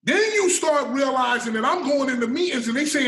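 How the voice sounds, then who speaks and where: A man's voice: extremely high pitch, brisk, a bit bright, distant mic. A man as a podcast guest, telling stories in a casual interview, emphatic and profane, often repeating words as he builds a point. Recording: roomy and off-mic.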